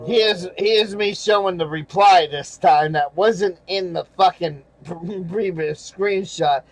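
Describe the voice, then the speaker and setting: A man's voice: high voice, takes it slowly, poor audio. A man hosting his channel, reading viewer comments aloud and ranting about them in angry, profane, sarcastic casual commentary, with chuckles in between.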